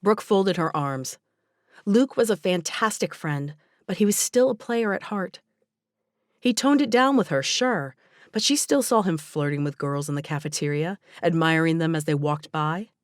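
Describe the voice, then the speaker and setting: A woman's voice: fairly low pitch, moderate pace, no room sound, studio quality. Woman narrating a teen romance audiobook. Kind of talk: scripted narration.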